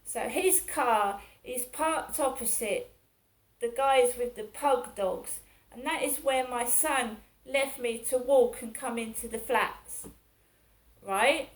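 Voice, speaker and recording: This middle-aged vlogger's fairly high voice moves at a slow pace. She recounts her day with a sense of grievance, rambling, repeating herself, and looping back over the same ground.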